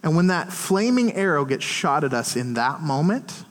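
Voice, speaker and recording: A middle-aged man preaching a sermon as pastor, telling stories in an animated way and acting out the quotes. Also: on the high side, moderate pace, in a large hall. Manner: animated storytelling with acted-out quotes. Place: church.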